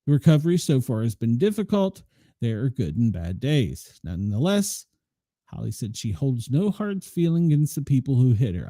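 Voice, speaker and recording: A man's voice: mid-range voice, very animated, moderate pace, mellow, dry recording, clean studio sound. A man hosting a news show, reading stories aloud and breaking in with blunt, opinionated asides. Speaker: news commentary host.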